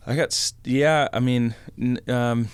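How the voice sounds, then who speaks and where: A man's voice: mid-range voice, steady tone, measured pace, clean tone, no echo. A man chatting as a podcast guest, telling stories in a rambling, casual way with many fillers. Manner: rambling, lots of fillers and acted quotes. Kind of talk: casual storytelling.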